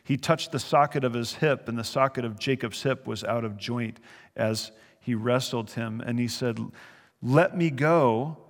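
A man's voice: medium pitch, fairly even intonation, normal speed, big-room sound. A man preaching a verse-by-verse sermon as a pastor, conversational and earnest, with brief chuckles. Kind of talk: sermon, verse-by-verse Bible teaching.

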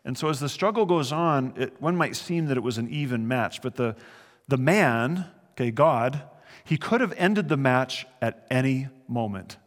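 In a large hall, a pastor with a medium-pitched voice preaches a verse-by-verse sermon on the Bible. He is animated and speaks at a moderate pace, conversational and earnest with brief chuckles.

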